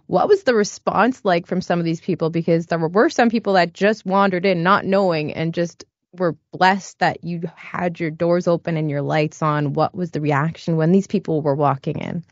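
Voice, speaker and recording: A woman interviewer asking measured broadcast questions. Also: lowish voice, no echo, lo-fi sound.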